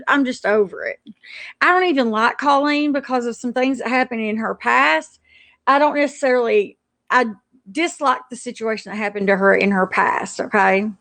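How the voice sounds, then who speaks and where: Woman venting on a live stream, kinda high voice, fired up and tripping over her words, dry close sound. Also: fairly bright tone, dry recording. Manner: indignant ranting, stumbles and restarts.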